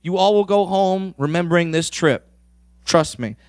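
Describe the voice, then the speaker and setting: This comedian's voice sits high and moves at a moderate pace, captured dry. His club set is loud-mouthed and vulgar, full of crowd work and jabs at audience members from the stage.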